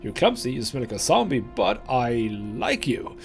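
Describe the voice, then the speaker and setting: A man's voice: medium pitch, sing-song, moderate pace, creaky, faint music behind. A man voicing a prickly young woman thief who talks bluntly and tags sentences with "it does". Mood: earnest.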